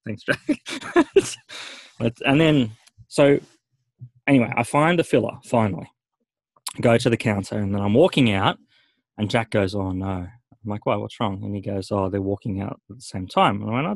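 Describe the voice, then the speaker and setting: A man's voice: on the low side, normal speed, vocal fry, pauses often, slightly rough, no room sound. A middle-aged man tells a story on a podcast in casual chat. He acts out each person's lines and swears freely. The sound is dry and close to the mic. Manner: animated retelling, swearing, acting out quoted voices. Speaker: podcast co-host.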